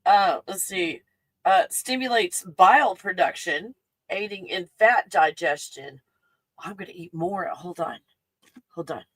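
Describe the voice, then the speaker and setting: A woman in her forties hosting a casual solo livestream, rambling excitedly and swinging between hushed asides and loud outbursts. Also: lowish voice, unhurried, husky, no echo, poor audio. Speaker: livestream host.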